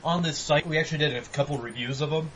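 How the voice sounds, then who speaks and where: A man's voice: fairly high pitch, fast talker, a little hiss or hum, poor audio. A man hosting a casual podcast chat, rambling and swearing freely. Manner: rambling, profane, animated. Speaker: podcast host.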